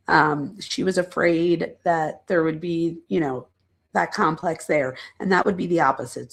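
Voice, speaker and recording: A woman's voice: sits low, vocal fry. A middle-aged woman hosting a livestream, lecturing casually and chatting with viewers in rambling, self-deprecating asides. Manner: addresses chat viewers directly. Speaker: psychologist and true crime channel host.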